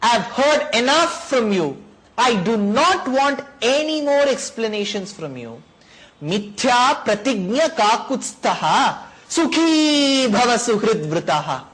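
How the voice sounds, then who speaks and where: A man voicing an angry, proud old sage who speaks loudly, indignantly, and chants Sanskrit verses. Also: on the high side, close to an everyday voice, poor audio.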